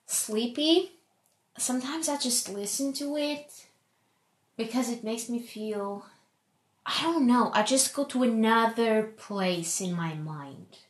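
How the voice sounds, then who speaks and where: Chatty young woman in an echoey room. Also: a little high. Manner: rambling, chatty, self-described as loud. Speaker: podcast host. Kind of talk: casual solo podcast chat.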